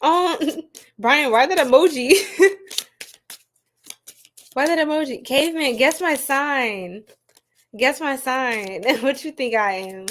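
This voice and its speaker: A woman's voice: sits high, takes it slowly, pauses often, a bit bright, a little hiss or hum. A woman tarot reader, chatting and joking with viewers on a live stream and laughing often. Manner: laughing a lot, playful, chatty.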